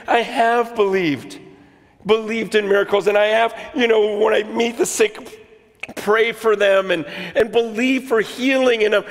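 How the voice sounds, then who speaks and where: A man in his fifties preaching a sermon, telling stories with animated restarts and quoted asides. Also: high voice, in a large hall. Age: 50s. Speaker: pastor.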